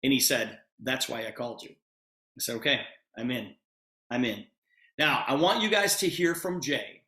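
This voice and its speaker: A man giving a storytelling pitch on a video call, acting out both sides of a conversation in an animated way. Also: moderate pace, reverberant. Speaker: presenter of a business opportunity call.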